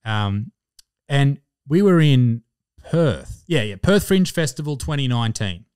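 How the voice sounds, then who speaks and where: A young Australian man co-hosting a podcast, telling stage stories in a loose, profane way. His voice sits at an ordinary middle pitch. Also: big pitch swings, a little slow, a little mellow, smooth. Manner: swears constantly, tells stories with acted-out quotes. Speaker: podcast co-host. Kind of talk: casual chat.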